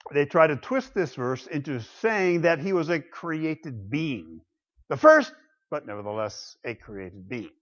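A man preaching a sermon, swinging between loud declarations and quiet asides. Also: a little high. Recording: dull lo-fi sound.

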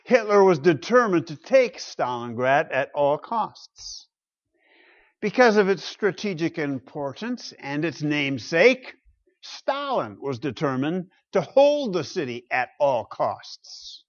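A male pastor delivers a sermon at an unhurried, measured pace, pausing for dramatic weight. His voice sits a little high for a man. The recording is dry and slightly muffled. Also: big pitch swings, no echo. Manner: slow, deliberate preaching with dramatic pauses.

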